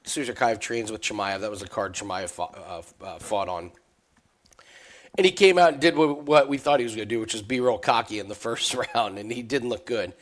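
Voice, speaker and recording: A man talking casually as a sports betting analyst, excitable, laughing often and stammering through restarts. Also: lowish voice, a little fast. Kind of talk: casual podcast chat.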